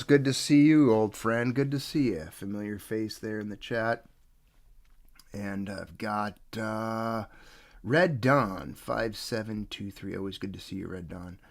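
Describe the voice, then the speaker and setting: A man's voice: mid-range voice, dry recording, studio quality. A man hosting a casual livestream, rambling and greeting viewers by name, sounding stuffed up from nasal congestion. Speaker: livestream host.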